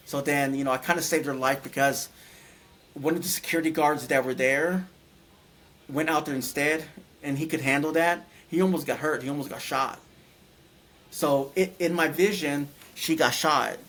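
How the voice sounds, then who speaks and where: A man recounting a near-death experience as an interview guest, speaking haltingly with many restarts and repeated words, and growing tearful when moved. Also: a little high, a bit bright. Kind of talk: emotional personal account.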